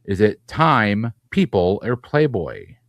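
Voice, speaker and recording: Brief: man, low pitch, quizmaster, brisk and playful, dry close sound. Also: big pitch swings, no room sound. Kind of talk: reading trivia questions.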